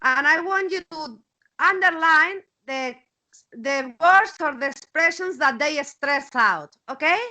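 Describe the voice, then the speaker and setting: A woman's voice: sits high, lively intonation, slow, pushed and bright, poor audio. A woman with a Spanish accent teaching an English class over a video call, repeating words as she searches and checking in with "okay?".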